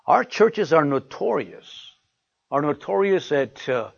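A man's voice: fairly high pitch, big pitch swings, slow, vocal fry, dry recording. An older man preaching a sermon as a pastor, telling stories and repeating phrases for emphasis. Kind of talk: sermon to ministers. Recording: muffled dry recording.

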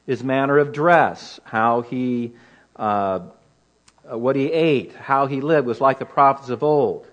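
Male preacher, expository teaching; earnest, emphatic, rhetorical questions, mid-range voice. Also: medium pitch.

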